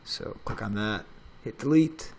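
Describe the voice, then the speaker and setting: Speaking at a measured pace, this middle-aged man has a fairly low, creaky voice. He's a professor casually chatting his way through a software tutorial, recorded from his screen as he clicks along.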